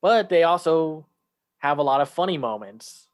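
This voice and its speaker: A man's voice: on the high side, animated, normal speed. A man co-hosting a casual chat, talking loosely with many fillers and restarts, sometimes acting out lines in a raised voice. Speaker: podcast co-host.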